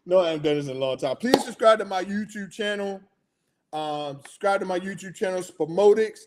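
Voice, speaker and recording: A man's voice: sits high, a little fast, heavy background noise. A middle-aged man hosting his own show, signing off in a loose, rambling way, chuckling often, his throat going out. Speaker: podcast host. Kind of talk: casual show sign-off.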